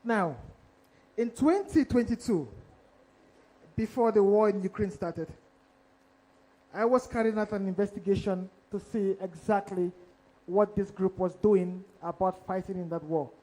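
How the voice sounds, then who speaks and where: A man's voice: sits high, unhurried, long pauses, dark tone, low-quality recording. A man, an investigative journalist, telling a dramatic story on stage to a live audience and asking them questions directly.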